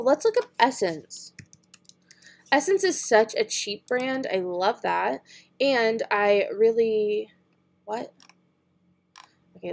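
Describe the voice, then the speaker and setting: A young woman vlogger talks her way through an online makeup browse, chatty and giggly, musing out loud. Her mid-height voice carries a lot of gravelly vocal fry. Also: medium pitch. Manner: chatty, giggly, thinking aloud. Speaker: beauty vlogger. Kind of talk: casual online shopping chat.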